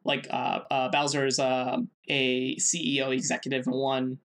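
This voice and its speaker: A man co-hosting a podcast, presenting a researched segment in casual chat, halting with many fillers and restarts. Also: medium pitch, completely flat delivery, fairly bright tone. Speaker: podcast co-host.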